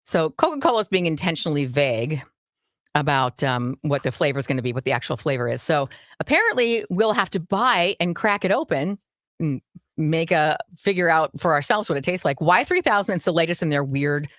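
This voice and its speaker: A woman's voice: sits low, lively intonation, fairly quick, no echo, studio quality. A woman with a Minnesota accent, co-hosting a casual radio podcast, chatty and laughing easily. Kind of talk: casual chat.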